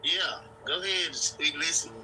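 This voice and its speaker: A woman's voice: low voice, moderate pace, bright, forceful tone, slight background noise, poor audio. A woman on a livestream prompting a friend to tell a story, mostly with short replies.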